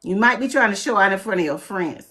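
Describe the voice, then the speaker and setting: A woman's voice: mid-range voice, fast talker. A woman hosting a casual live talk, presenting slides and speaking bluntly and animatedly to her viewers. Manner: blunt, scolding and animated, addresses viewers as y'all.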